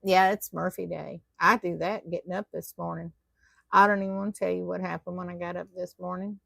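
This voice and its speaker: A woman leads a live online tatting lesson, chatting with her viewers and poking fun at her own slips as she works. Her voice is low and heavily gravelly. It is recorded close and dry, with no room sound. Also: little pitch movement, a little fast, a bit bright, no echo. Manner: chatty, self-deprecating, talks to viewers while working. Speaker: tatting teacher. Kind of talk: live online craft class.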